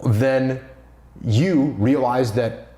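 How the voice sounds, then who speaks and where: Guy talking leadership on a podcast, mid pitch, punchy and emphatic, kinda echoey room. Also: extremely slow, mellow. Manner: emphatic, repeats key phrases. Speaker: leadership speaker. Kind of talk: casual podcast conversation. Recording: roomy echo.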